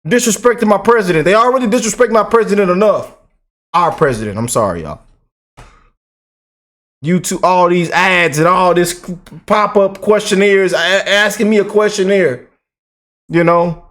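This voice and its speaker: A man hosting a casual reaction commentary, talking in an excitable, rambling way and often stumbling over and repeating his words. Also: sits high, normal speed, pauses often. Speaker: commentary channel host.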